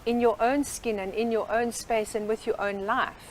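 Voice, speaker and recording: A woman with a somewhat high voice explains her approach in an earnest, patient way, leaning on homely sayings. A faint hiss of noise sits under the voice. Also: fairly even intonation, normal speed, rough recording. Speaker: guest life coach. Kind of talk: interview.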